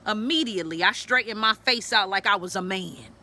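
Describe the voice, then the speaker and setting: A woman's voice: mid-range voice, brisk, bright, forceful tone. A woman telling a personal story to the camera, speaking bluntly with plenty of profanity and urging other women directly. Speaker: vlogger sharing a personal story. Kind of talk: candid storytelling vlog.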